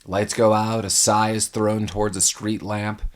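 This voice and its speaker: A man's voice: fairly low pitch, level tone, a little slow. A man co-hosting a podcast, chatting casually about an old movie, laughing often and slipping into mock voices. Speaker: podcast co-host.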